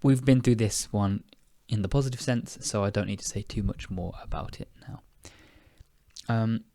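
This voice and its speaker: A man's voice: lowish voice, moderate pace, mellow, dry recording, studio quality. A young British man hosting an English-learning podcast, casual and self-correcting, sounding tired. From United Kingdom. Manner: chatty, self-correcting, laughs at himself. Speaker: podcast host and English teacher.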